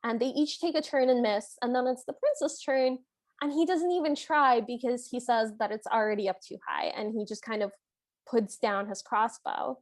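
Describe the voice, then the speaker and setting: A woman's voice: a little high, moderate pace. A woman co-hosting a podcast, casually retelling a film's plot scene by scene and quoting its lines. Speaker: podcast co-host. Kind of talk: casual film recap chat.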